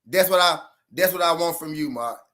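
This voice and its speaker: A man's voice: on the high side, normal speed, bright, forceful tone. A man with a Southern US accent hosting a casual boxing livestream, chatting loosely with viewers and repeating himself.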